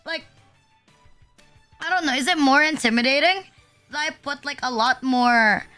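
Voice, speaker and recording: Bright high-voiced woman rambling on stream. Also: measured pace, faint music behind. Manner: rambling, blunt, swears a lot, filler-heavy. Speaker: VTuber streamer. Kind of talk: casual live-stream chat.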